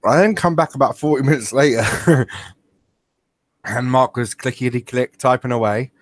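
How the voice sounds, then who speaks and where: A man's voice: mid-range voice, normal speed, dry recording. Chatty man, dry close sound. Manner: jokey, laughs often, rambling storyteller. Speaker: podcast co-host. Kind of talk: casual chat. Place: at home on an online call.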